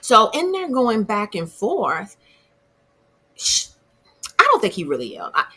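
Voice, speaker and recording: Woman, young adult, TV recap host, opinionated, casual commentary, breathy tone. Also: mid-range voice, wildly swooping pitch, unhurried, bright, forceful tone. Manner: chatty, opinionated, laughs at the drama. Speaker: TV review channel host.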